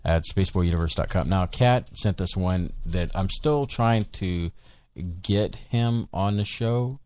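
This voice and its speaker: A man's voice: low-pitched, unhurried, a little mellow, smooth. A man co-hosting a live show, chatting casually, rambling with many ums and restarts. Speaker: podcast co-host. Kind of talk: casual live-stream chat.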